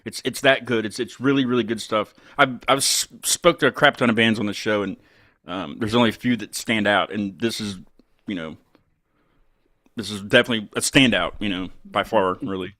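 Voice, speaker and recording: Man, host, from West Virginia, casual chat, bright tone, dry. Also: fairly low pitch, normal speed, no room sound. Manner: chatty, laughs often. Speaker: show host. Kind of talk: casual live-show chat.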